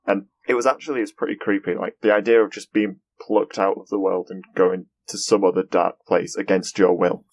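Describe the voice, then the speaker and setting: Guy hosting a chill podcast, kinda low voice, dry sound, laughs a lot. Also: level tone, no echo. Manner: chatty, laughs often, mimics characters in quick asides. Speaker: podcast host. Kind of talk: casual podcast chat.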